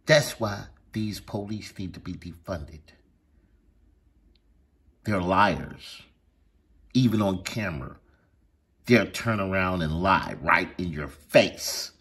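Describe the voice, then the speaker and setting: A man rants in indignant commentary, dragging his words slowly. His voice is low and very raspy, and his pitch swings widely as he hammers each point. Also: lively intonation, a bit bright. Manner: ranting, emphatic, indignant. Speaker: channel host narrating. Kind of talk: angry commentary.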